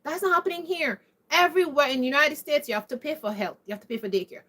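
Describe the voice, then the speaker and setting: A woman talks straight to her viewers in a high, bright-pitched voice. She lectures emphatically and keeps firing rhetorical questions at them. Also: fast talker. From Caribbean. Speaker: vlogger. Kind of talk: opinionated monologue to camera.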